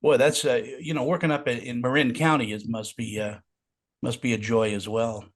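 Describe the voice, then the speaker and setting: A man's voice: medium pitch, little pitch movement, normal speed. A man hosting an interview, asking questions in an enthusiastic, complimentary way. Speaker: interviewer host.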